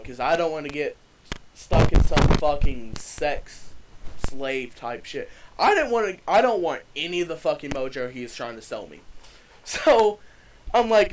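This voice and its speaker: A man's voice: on the high side, animated, normal speed, slight background noise, poor audio. A young man telling a story and chatting about his channel in a loose, profane, rambling way with frequent restarts. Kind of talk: casual storytime vlog.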